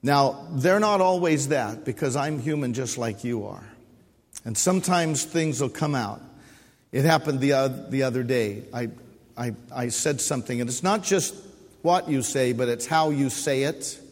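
A husky-voiced middle-aged man preaches a sermon from the pulpit of a church. He leans on repetition and call-and-response, drawing amens from the congregation. His voice rings out into a long hall reverb. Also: mid-range voice, lively intonation, normal speed. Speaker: pastor. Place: church sanctuary.

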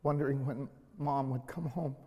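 A middle-aged man preaching a sermon in a church, slow and emotional, swelling loud then dropping to quiet tones. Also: medium pitch, steady tone, big-room sound. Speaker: pastor. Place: church sanctuary.

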